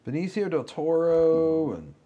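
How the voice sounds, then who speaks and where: A man's voice: on the high side, sing-song, unhurried, warm tone, muffled recording. A man co-hosting a casual chat about movies, rambling and amused, laughing often.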